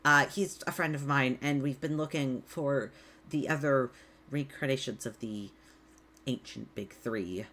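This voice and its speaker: A woman's voice: very deep voice, unhurried, a bit bright, voice pushed down, full character voice. A woman voicing a flustered young woman adventurer who stammers and restarts, in a tabletop game.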